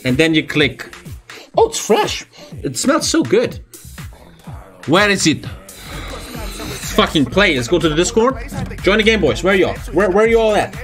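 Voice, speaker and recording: A man's voice: sits high, sing-song, moderate pace, pauses often, a bit bright, soft background music. A man streaming a strategy game, joking crudely and swearing often. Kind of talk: live game stream commentary.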